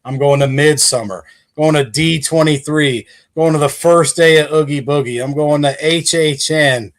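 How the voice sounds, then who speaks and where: A man's voice: a little high, normal speed. Enthusiastic man rambling on a livestream. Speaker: guest creator. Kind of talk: casual livestream chat.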